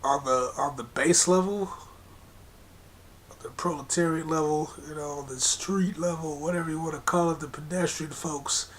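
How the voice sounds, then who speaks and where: A man's voice: a little high, fairly bright tone, a little hiss or hum. A man delivering an angry, profane monologue rant, hammering his points with repetition in a confrontational way. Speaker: political commentator.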